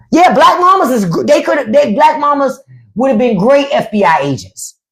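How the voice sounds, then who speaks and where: Speaking at normal speed in a high-sitting voice, this middle-aged podcast host runs a live stream. Her storytelling is loose and foul-mouthed, full of lively acted-out quotes.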